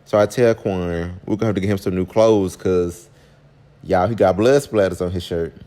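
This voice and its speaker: A man with a fairly low voice tells a personal story in a chatty storytime vlog. He talks straight to his viewers and his pitch jumps up suddenly when he gets worked up. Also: fairly even intonation, moderate pace, warm tone.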